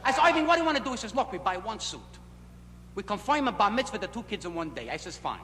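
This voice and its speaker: A man doing a stand-up routine at a nightclub, telling punchy stories in a voice that jumps in pitch and loudness. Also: big pitch swings, quick pace. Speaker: stand-up comedian. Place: nightclub stage. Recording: echoey club, scratchy 1960s film audio. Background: audience laughter.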